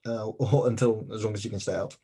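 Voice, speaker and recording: Lower-pitched guy with a husky voice, co-hosting a sports chat, teasing, keeps repeating himself. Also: steady tone, quick pace, mellow. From United Kingdom. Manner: teasing, argumentative, repeats words. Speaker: podcast co-host. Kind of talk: casual sports podcast chat.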